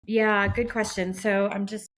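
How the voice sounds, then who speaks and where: A woman's voice: medium pitch, little pitch movement, measured pace, slight background noise. A woman co-hosting a medical podcast and explaining a study in careful, methodical detail as a melanoma specialist.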